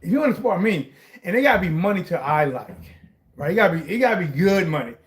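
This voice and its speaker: A man with a high voice holds forth on sports in loose, rambling chat. He circles back over his points and then raises his voice sharply to hammer them home. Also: fast talker. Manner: rambling, animated, bursts into shouts on points. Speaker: sports commentary vlogger. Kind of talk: casual chat.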